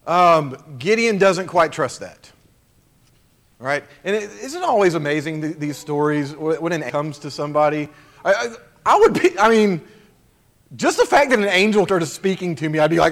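Chatty preacher man, slightly high voice. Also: expressive, normal speed, fairly bright tone. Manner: chatty, checks in with "right?" and "okay?"; jokey asides. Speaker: pastor. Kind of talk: conversational sermon.

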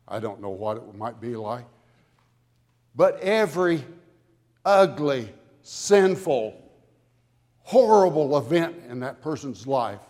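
A man preaching a sermon to a congregation with dramatic emphasis, building to loud peaks on key words. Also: mid-range voice. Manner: dramatic, slow emphatic delivery with swelling loudness. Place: church sanctuary. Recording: long hall reverb from a church. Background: congregation audience.

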